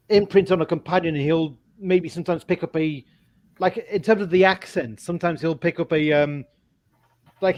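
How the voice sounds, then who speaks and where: A man's voice: sits high, a little mellow. A man in a casual livestream chat, rambling and chatty, with apologetic asides.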